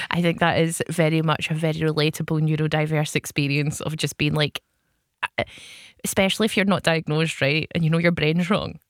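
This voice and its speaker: A woman with a somewhat low voice chats as a podcast co-host, spinning self-deprecating stories and laughing often. The sound is close and dry, with no room around it. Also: steady tone, moderate pace, no echo. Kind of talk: casual chat.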